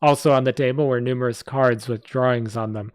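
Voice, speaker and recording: A man's voice: mid-range voice, steady tone, fairly quick, smooth, no room sound. A man reading a story aloud on a live stream, with small slips and asides. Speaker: story reader.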